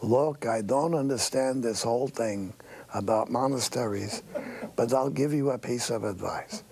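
An older man voicing a gruff, fond old male tailor with a Yiddish-inflected accent, speaking bluntly. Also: medium pitch, measured pace, darkish tone. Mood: gruff, bantering. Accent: Yiddish-inflected English. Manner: blunt, argumentative.

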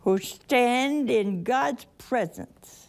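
A woman voicing a stern male archangel who speaks slowly and solemnly. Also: fairly high pitch, lively intonation, creaky, darkish tone, slight background noise, pitched above the performer's own voice, exaggerated voice.

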